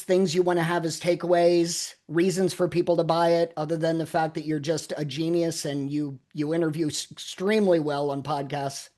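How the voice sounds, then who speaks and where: A man hosting a podcast, asking questions in a relaxed, agreeable way. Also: fairly high pitch. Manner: relaxed, agreeable, laughs along. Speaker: podcast host. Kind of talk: casual podcast interview.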